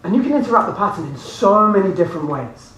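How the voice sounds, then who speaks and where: A man giving a lively motivational seminar talk to a live audience, often laughing and asking the room questions. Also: high voice, fast. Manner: animated, laughing, addresses audience directly. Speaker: motivational speaker. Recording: echoey room from far off, faint noise.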